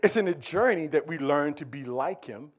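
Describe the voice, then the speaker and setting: High-voiced preacher swinging hush to shout. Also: male voice, expressive, moderate pace, slightly rough. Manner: rhetorical questions, repetitions. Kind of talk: sermon.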